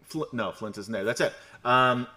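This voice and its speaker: A man's voice: mid-range voice, normal speed, sharp tone. A man from New York, the game master on a livestream, recapping the campaign in a joking, rambling way with many fillers.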